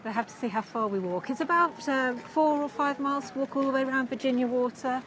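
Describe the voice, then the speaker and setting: An English woman describes a lakeside walk to her live-stream viewers in a friendly, chatty way. Her voice sits fairly high and is picked up by a phone camera outdoors. Faint birds and passing vehicles can be heard under it. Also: fast talker, a bit bright, slight background noise. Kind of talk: casual walking live stream. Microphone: phone camera while walking.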